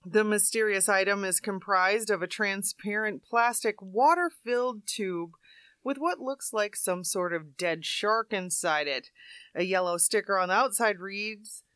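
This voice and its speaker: A woman's voice: medium pitch, unhurried, a bit bright, smooth, no room sound, clean studio sound. A woman co-hosting a comic show, reading out odd news items. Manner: reads quirky stories, laughs along. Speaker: co-host. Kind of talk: reading news stories aloud.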